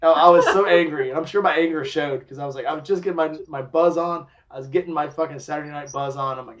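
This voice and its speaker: A man hosting a podcast, telling a story in casual chat, profane and animated, acting out what people said. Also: on the high side, fast, hardly any pauses, a little hiss or hum. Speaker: podcast host. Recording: dull lo-fi sound.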